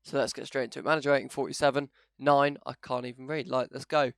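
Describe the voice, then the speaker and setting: A man hosting a gaming channel, commentating his video game in a chatty, self-mocking way that swings into loud excitement. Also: mid-range voice, fast talker, gravelly, no room sound, clean studio sound. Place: home setup, no camera.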